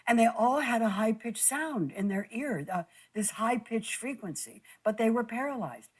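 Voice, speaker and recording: A woman telling a personal story in a halting way, stumbling and repeating words, close to tears. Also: fairly high pitch, lively intonation, husky, rough recording. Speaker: guest recounting an experience.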